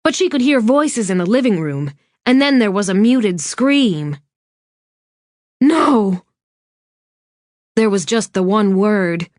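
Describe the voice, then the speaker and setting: A woman's voice: mid-range voice, lively intonation, measured pace, darkish tone, dry recording. Woman narrating an audiobook, dry and close. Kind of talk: scripted narration. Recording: dry studio read.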